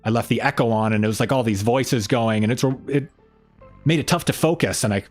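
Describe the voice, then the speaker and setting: A man's voice: fairly quick, soft background music. A man hosting a casual live-stream chat, rambling along with plenty of fillers and restarts. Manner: lively pitch swings when joking. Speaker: host.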